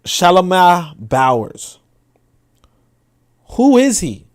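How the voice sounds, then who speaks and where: A man hosting a podcast livestream, reading comments and reacting in casual, animated commentary with swearing and repeated words. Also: sits high, very slow. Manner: animated, profane, repeats himself. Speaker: podcast host.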